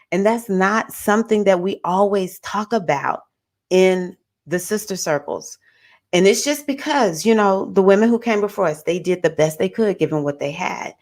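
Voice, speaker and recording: Low-voiced lady in her 50s, chatting gently about spiritual stuff to her viewers. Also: normal speed. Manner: gentle, encouraging, reflective, with soft laughs. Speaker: host of a spiritual livestream. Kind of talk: casual spiritual chat.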